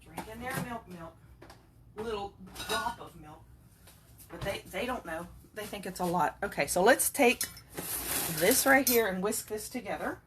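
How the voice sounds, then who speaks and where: In this casual cooking vlog, a woman talks animatedly at a measured pace in a medium-pitched voice, often laughing and speaking sweetly to her cats. She's the channel's host, cooking at home. The background is noisy with clanging dishes, cutlery and stirring.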